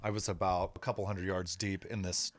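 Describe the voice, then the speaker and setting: A man's voice: low-pitched, little pitch movement, fairly quick, no room sound. A man, telling stories as a podcast guest in a laid-back, reflective way. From United States. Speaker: rock musician guest. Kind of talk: casual storytelling interview.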